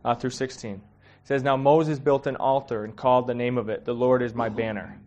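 A man's voice: mid-range voice, steady tone, moderate pace, darkish tone. A man giving a casual, heartfelt sermon, talking conversationally with many fillers and getting emotional. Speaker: preacher.

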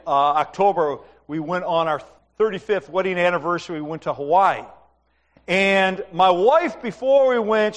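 A middle-aged male pastor with a notably high voice delivers a sermon. He talks in a conversational way, tosses questions to the congregation and tells his own stories with humor.

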